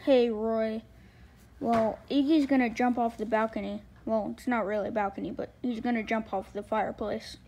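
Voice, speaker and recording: A woman's voice: fairly high pitch, steady tone, normal speed, mellow, highs cut off. A woman talking casually in a plush toy skit.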